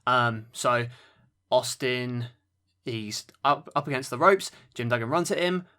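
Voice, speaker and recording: Guy recapping an old wrestling show, dry and sarcastic, bright voice. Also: medium pitch, unhurried, smooth. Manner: dry, wry play-by-play with sarcastic asides. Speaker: podcast host. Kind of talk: wrestling match review commentary.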